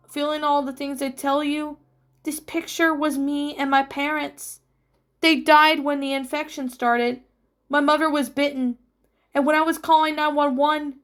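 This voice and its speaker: A woman voicing a grieving young woman who survived a zombie outbreak, speaking softly and tearfully in a read-aloud story. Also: high voice, pitched above the performer's own voice. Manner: tearful, soft-spoken.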